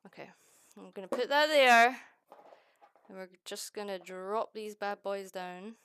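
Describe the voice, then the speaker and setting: Young Scottish woman streamer, crisp and bright, dry close mic, excitable and sweary. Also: mid-range voice, a little slow, dry recording. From Scotland. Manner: excitable, exclaiming and swearing often. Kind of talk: casual crafting chat.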